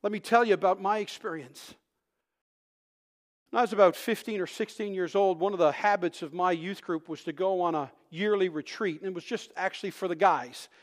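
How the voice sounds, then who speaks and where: A pastor recounts a personal story in his sermon with animated delivery, swinging between loud bursts and hushed tones and sometimes restarting words. His voice is high and a little fast.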